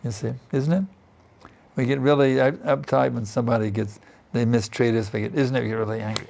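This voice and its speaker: Over some background noise, an older man's brisk, gravelly, medium-pitched voice leads a scripture class in a Vrindavan temple. He's a spiritual teacher with a chatty style, often asking "isn't it" and "you see."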